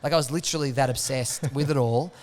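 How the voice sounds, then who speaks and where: A man's voice: medium pitch, fast talker. A man talks casually as a guest in an interview. He tells his stories animatedly, slipping into the voices of the people he quotes and laughing often. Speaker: interview guest, martial arts coach.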